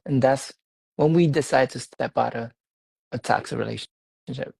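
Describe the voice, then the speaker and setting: A man telling a personal faith testimony in a casual interview, animated and laughing often, repeating his phrases. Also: mid-range voice, moderate pace, gravelly, husky, no room sound, rough recording. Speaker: guest sharing a faith testimony.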